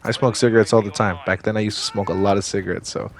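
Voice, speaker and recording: A man's voice: fairly low pitch, fairly even intonation, rapid-fire. A man and former security guard, casually telling a story in a rambling, profane way with lots of fillers.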